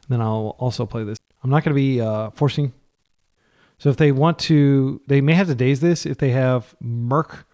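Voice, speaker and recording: A man giving casual, running commentary while playing an online card game. He gets excitable, pleads with his deck, and his voice jumps up when he is frustrated. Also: medium pitch, normal speed. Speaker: card game player and channel host.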